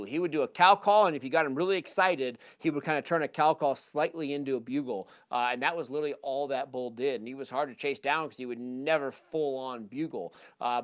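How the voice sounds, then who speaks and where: A man gives a live talk to an audience through a handheld microphone. His voice sits slightly higher than most men's, and he speaks loosely and eagerly, dropping in plenty of fillers. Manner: casual, energetic, full of fillers. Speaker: hunting seminar presenter.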